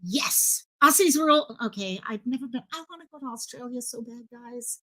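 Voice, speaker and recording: A woman livestreams casually from her home setup in Hawaii, wearing headphones with a mic at her desk. She talks at normal speed in a slightly high, expressive voice that is bright and forceful, rambling with plenty of fillers and greeting viewers by name.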